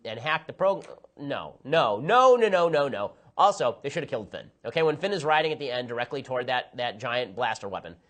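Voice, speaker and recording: Sarcastic man ranting fast. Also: mid-range voice, fairly bright tone. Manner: sarcastic, exasperated, quick-firing rants. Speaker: political commentator. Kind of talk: rapid opinionated film review.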